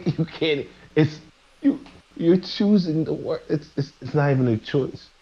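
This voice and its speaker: A man's voice: fairly high pitch, measured pace, muffled recording. A man streaming live, ranting preachily to his chat, stumbling and restarting as he presses his points. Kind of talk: casual rant to a live chat.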